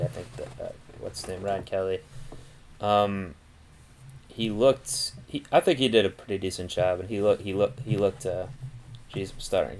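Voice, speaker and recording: A man's voice: low-pitched, a little mellow. A man reviewing a film on a casual live stream, thinking aloud and restarting his sentences with many fillers.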